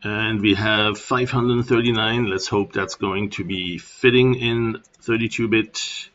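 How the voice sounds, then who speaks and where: A man with a German accent casually walking through a software tutorial at his computer, rambling with plenty of filler words. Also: fairly low pitch, steady tone, a little slow. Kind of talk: casual screen-recording tutorial. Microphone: computer microphone. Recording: dull lo-fi screen recording.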